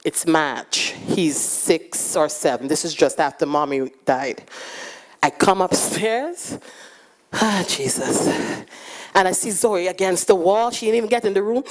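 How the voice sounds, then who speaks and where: A woman in her forties, speaking at a conference, telling lively personal stories with frequent laughter. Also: lowish voice, slow. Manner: lively, animated and laughing, acting out quotes. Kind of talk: personal storytelling talk. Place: conference stage.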